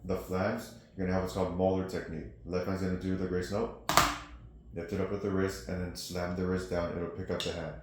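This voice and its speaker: A man with a very low voice teaches snare drum, counting rhythms aloud between demonstrations. He is recorded in an echoey practice room, with loud noise behind him. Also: little pitch movement, a little fast. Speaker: percussion teacher. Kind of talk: instructional snare lesson. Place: practice studio with drums.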